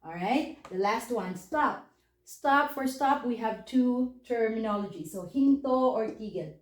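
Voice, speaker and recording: A woman's voice: on the high side, lively intonation, unhurried, echoey room. A woman teaching a language lesson, patiently explaining step by step and checking in with questions. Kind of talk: spoken lesson.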